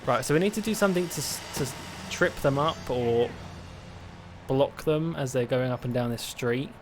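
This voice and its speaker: A man's voice: mid-range voice, normal speed, music in the background. A man rambling chattily and laughing easily while streaming a game. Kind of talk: casual chat while playing a game.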